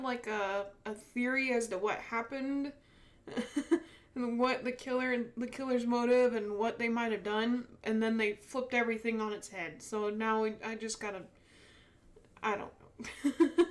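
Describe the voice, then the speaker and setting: Giggly young woman chatting over gameplay. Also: fairly high pitch. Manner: chatty, giggly, full of fillers and restarts. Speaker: game streamer. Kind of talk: casual let's-play commentary.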